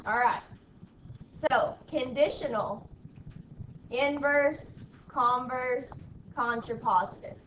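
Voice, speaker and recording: A woman teacher speaks slowly and deliberately, her fairly high voice reaching the mic from across an echoey classroom. She drills her class with call-and-response repetition and checks in with "okay?" again and again. Faint room noise sits under her voice. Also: far from the mic. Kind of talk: classroom math lesson.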